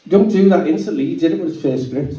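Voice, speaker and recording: Scouse guy acting out stories to a crowd, kinda high voice, far off mic, dull sound. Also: quick pace, echoey room. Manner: animated storyteller acting out dialogue. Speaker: speaker giving testimony. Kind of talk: storytelling testimony to a live audience. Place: meeting hall.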